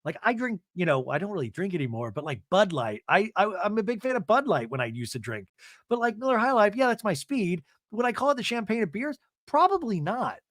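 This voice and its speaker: A podcast host recaps a reality show in a loose, comedic way, rambling, animated and laughing often. His voice sits high and moves briskly, captured with studio quality and no echo.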